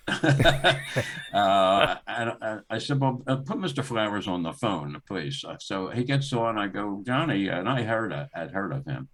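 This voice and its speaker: An older man speaks in a low, deep voice as an interview guest, recounting a story at an easy conversational pace. He slips into the voices of the people he is describing, pushing his pitch up, and he laughs now and then as he goes. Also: unhurried. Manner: animated, acts out dialogue in the story with rising pitch and laughter. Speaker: guest, former sports executive.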